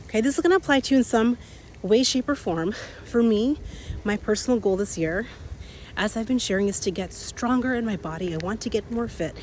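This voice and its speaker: Slightly raspy woman talking while walking. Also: fairly high pitch, fairly quick, slight background noise. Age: 30s. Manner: energetic, repeats key phrases, laughs often. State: out of breath from walking uphill. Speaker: podcast host and coach. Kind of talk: motivational solo talk. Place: outdoors walking up a hill.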